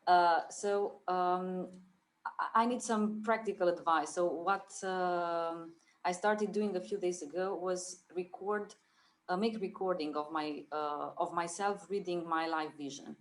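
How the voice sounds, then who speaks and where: A woman's voice: on the low side, steady tone, a little slow, a little hiss or hum. A woman on a video call politely and apologetically asking for practical advice. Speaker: caller.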